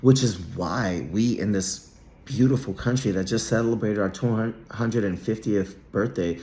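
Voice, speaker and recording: A man's voice: on the low side, measured pace, warm tone. A man giving a casual solo monologue, rambling with frequent restarts and repeated words. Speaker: vlogger.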